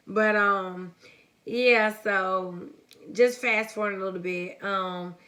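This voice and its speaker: A young woman from the United States telling a story-time vlog in a lively, chatty way, talking straight to her viewers. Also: medium pitch, extremely slow. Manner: casual and chatty, calls viewers honey and baby. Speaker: vlogger.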